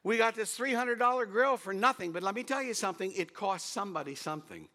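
Animated high-voiced pastor telling stories. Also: male voice, quick pace. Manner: animated, hums tunes and shouts for emphasis. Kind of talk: storytelling sermon.

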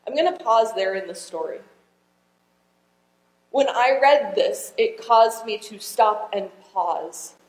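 A woman's voice: medium pitch, takes it slowly, roomy sound, rough recording. A woman pastor giving a conversational sermon, asking her congregation questions as she retells a scripture story.

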